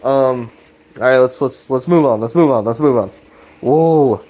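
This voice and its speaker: A man's voice: medium pitch, moderate pace, darkish tone. A young man giving a casual, rambling recap commentary, loose and profane, full of fillers. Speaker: video commentator.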